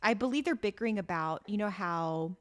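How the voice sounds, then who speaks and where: A woman's voice: medium pitch, expressive, brisk. A woman co-hosting a podcast, explaining at length in a chatty, casual way. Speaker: podcast co-host. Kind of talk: casual chat.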